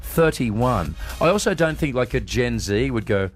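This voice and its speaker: Male radio host, lively playful banter, competitive, animated, faint music behind. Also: mid-range voice, moderate pace.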